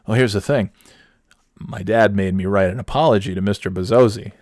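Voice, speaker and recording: A man with a low voice tells a casual, rambling story, swearing freely and stumbling through restarts. His voice is recorded dry and close, with no room sound. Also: fairly quick, a little mellow, no room sound. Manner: rambling, profane, with many restarts. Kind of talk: casual anecdote.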